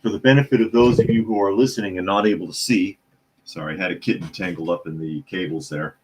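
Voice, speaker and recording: A deep-voiced man hosts a live news podcast from his home. He talks casually and drops sarcastic, chatty asides while he reads out articles. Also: fairly even intonation, fast talker, slight background noise. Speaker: podcast host. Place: hot home room with a loud computer fan.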